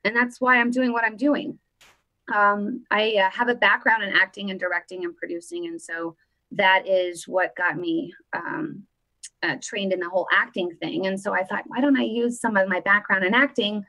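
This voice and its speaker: A woman's voice: mid-range voice, fairly even intonation, normal speed, a bit bright, low-quality recording. A woman hosting her own live political show, chatting casually and upbeat straight to her viewers from her desk. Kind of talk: casual live-stream chat.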